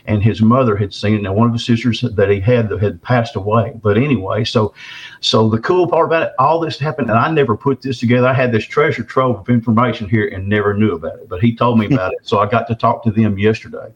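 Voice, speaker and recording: On a dull lo-fi recording, this older southern man from around Texarkana spins a long, folksy yarn, frequently restarting and repeating words. He has a lowish, steady voice and talks fast with few pauses.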